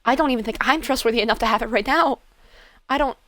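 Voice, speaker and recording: A woman speaking in character during a game roleplay, anxious and halting, on the verge of tears and often apologizing. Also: fairly high pitch, sharp tone, dry recording. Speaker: roleplay player.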